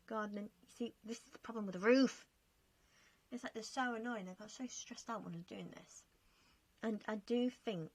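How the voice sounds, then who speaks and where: A young woman talks casually over her game footage in a mid-pitched voice. She is chatty and self-mocking, laughing at herself as she goes. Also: no echo. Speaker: game vlogger. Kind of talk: casual commentary over gameplay.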